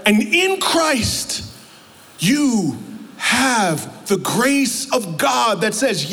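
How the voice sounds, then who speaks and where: A man's voice: extremely high pitch, very animated, drawn-out words, pushed and bright. A man preaching a sermon in a church, emphatic and repeating his words, calling out to the congregation. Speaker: pastor. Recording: long hall reverb, faint ambience.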